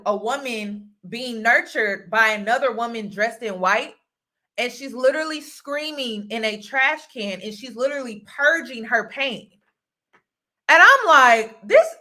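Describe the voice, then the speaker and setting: A woman from the United States talks straight to her viewers in a casual vlog monologue, her voice slightly high and very bright. She speaks earnestly and circles back to repeat her key phrases for emphasis. The tone stays close and conversational. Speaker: host and mentor.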